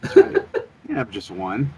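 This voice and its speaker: Deep-ish guy chiming in with quick agreeing bits, bit of noise in the background. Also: huge pitch swings, darkish tone, low-quality recording. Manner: brief agreeing replies. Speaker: guest. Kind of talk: casual political chat.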